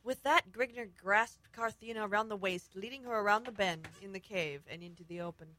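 A woman's voice: mid-range voice, fairly quick, bright, forceful tone. A woman doing a comic dramatic reading of a fantasy story, prone to giggling.

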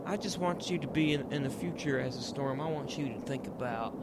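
A woman's voice: rumbling low, a little fast. A woman playing an earnest, hesitant storm victim scolding the hurricane. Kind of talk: improvised sketch comedy. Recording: noisy outdoor recording.

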